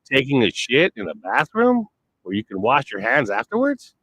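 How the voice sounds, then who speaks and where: Animated, foul-mouthed man ranting. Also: mid-range voice, moderate pace, husky, dry recording, poor audio. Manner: crude, blunt, swears constantly; wandering, trails off and restarts. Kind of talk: rambling profane monologue.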